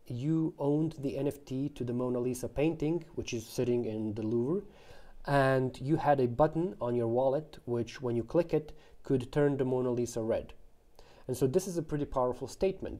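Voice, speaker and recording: Dark-voiced man explaining a protocol. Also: mid-range voice. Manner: thoughtful, explains with analogies, frequent fillers and restarts. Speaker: protocol founder explaining his project. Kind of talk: explanatory talk to camera.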